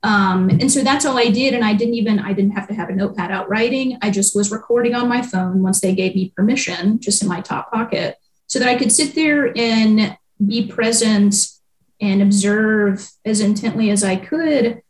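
A woman's voice: medium pitch, normal speed. Reflective young woman reporter, echoey room. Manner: reflective, with frequent ums and likes. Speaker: newspaper reporter, interview guest. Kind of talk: conversational interview answers.

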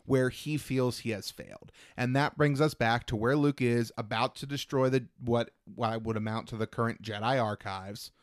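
A man's voice: mid-range voice, fairly even intonation, moderate pace, hardly any pauses, no echo, studio quality. A young man chatting as a podcast co-host, enthusiastic and acting out quoted lines. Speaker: podcast co-host discussing films. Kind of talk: casual chat.

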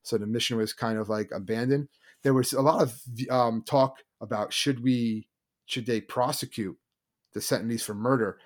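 A man co-hosting a casual chat, telling a story quickly and loosely, with many fillers. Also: mid-range voice, fairly even intonation. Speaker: podcast co-host.

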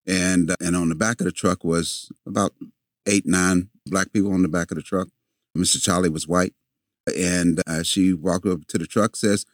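Deep-voiced man telling a story. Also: normal speed, dry recording, studio quality. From a city, with family in the American South. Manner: animated storyteller, acts out quotes, repeats words as he goes. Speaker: guest. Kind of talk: storytelling in a conversation.

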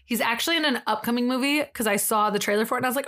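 Animated young woman podcast storyteller. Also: on the high side, very fast. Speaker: podcast co-host. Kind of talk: casual storytelling chat.

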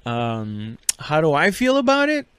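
A man's voice: on the high side, wildly swooping pitch, measured pace, fairly bright tone, clean tone, no room sound. A man hosting a solo podcast, rambling and cursing, full of fillers and restarts. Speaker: podcast host. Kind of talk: casual solo podcast chat.

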